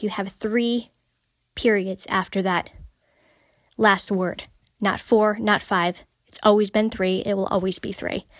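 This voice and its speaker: A woman's voice: medium pitch, no room sound, studio quality. A woman hosting a podcast on writing, explaining grammar in an informal, emphatic way and repeating key points. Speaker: podcast host teaching writing. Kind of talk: informal teaching monologue.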